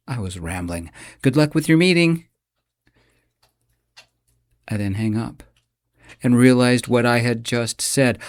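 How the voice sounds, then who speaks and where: A man narrating a first-person romance audiobook in an expressive, dramatic way. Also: mid-range voice, no room sound.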